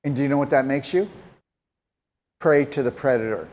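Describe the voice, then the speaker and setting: A man's voice: medium pitch, normal speed, pauses often, a little mellow, a little hiss or hum. A man giving health advice to a caller, talking directly and emphatically and pressing her with pointed questions. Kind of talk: call-in advice talk.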